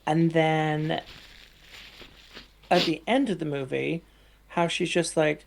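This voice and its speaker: A woman co-hosting a film podcast, talking calmly and dryly, mostly giving short agreeing replies. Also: deep voice, takes it slowly, gravelly, pauses often. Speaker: podcast co-host. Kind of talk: casual film review chat.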